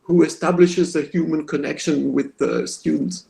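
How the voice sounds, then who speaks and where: A man answers questions after a lecture over a video call. His voice sits high but sounds gravelly and mellow. He pauses and repeats words as he thinks aloud. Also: steady tone, low-quality recording. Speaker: guest lecturer. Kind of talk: academic Q&A answer.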